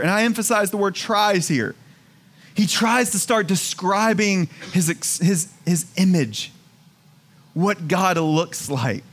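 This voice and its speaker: High-voiced guy preaching a sermon, goes quiet then gets all fired up. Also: slow pace. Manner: dynamic, swings from hushed to exclaiming. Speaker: pastor.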